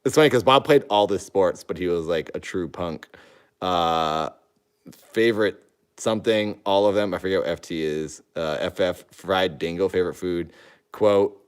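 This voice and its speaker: A man's voice: sits low, expressive, normal speed, smooth. A man in his thirties in casual chat, leafing through an old yearbook and reading entries aloud, amused and rambling, often trailing off into mumbles. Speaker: host.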